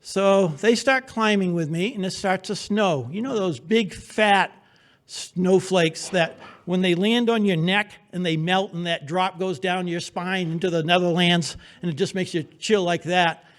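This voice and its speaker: A man with a noticeably high speaking voice tells a true adventure story in front of a theater audience. His delivery is wry and humorous, narrating in a vivid present tense that pulls listeners into the moment. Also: unhurried. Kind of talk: live personal storytelling on stage. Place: theater stage before an audience.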